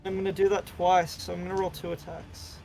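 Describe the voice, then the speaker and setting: A man's voice: sits high, completely flat delivery, fairly quick, creaky, noisy background. An Australian man playing a tabletop game, matter-of-fact, reading his rules aloud. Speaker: player.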